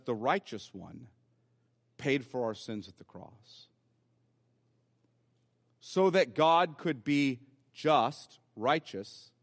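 A man's voice: mid-range voice, big-room sound. A man preaching a sermon as pastor, explaining scripture step by step in a teaching manner. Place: church sanctuary.

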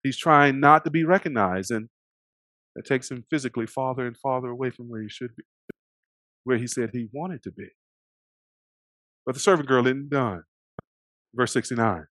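A man preaching a sermon, animated, swinging between loud emphasis and hushed moments, sometimes acting out the voices of the people in the story. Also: mid-range voice, normal speed, pauses often, no room sound. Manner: animated, acts out voices of the characters.

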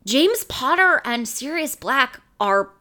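A woman cohosting a podcast in casual chat, animated and full of fillers. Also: high-pitched, slow pace. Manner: animated, uses "like" a lot.

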